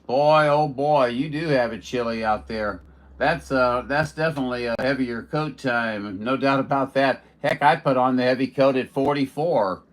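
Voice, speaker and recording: This Missouri man talks at a medium pitch and moderate pace. He's a radio operator streaming his contacts, chatting with other stations in a casual, folksy, joking ham radio style.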